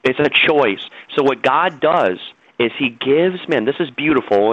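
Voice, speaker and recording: A man's voice: medium pitch, expressive, normal speed, a bit bright, dry recording, low-quality recording. A middle-aged man, a guest on a radio talk show, lecturing in a preachy, insistent way.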